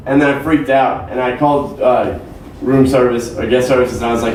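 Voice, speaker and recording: A man telling a comic story on stage in a lounge, animated and rambling, with fillers and laughs at his own tale. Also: medium pitch, brisk. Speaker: comedian. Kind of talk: stand-up storytelling. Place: art lounge, live show. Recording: echoey lounge, distant mic, faint hum.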